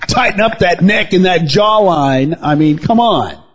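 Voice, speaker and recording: Husky, lively comedic podcast man. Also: high-pitched, a little slow. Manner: rambling, mock-outraged, teasing. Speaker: podcast co-host. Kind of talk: crude comedic news chat.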